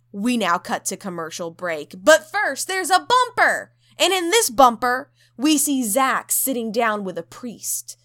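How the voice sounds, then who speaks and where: A young woman co-hosting a casual podcast, telling a story with a voice that sits slightly high. She acts out the quotes, her pitch leaping and falling widely. Her talk stays loose and chatty. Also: unhurried, few pauses. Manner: animated, acts out quotes with loud jumps in pitch. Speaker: podcast co-host.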